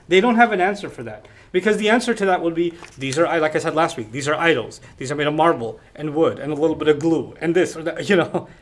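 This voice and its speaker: High-voiced man teaching a Quran lesson. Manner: explanatory, emphatic, recites Arabic verses. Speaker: Islamic teacher.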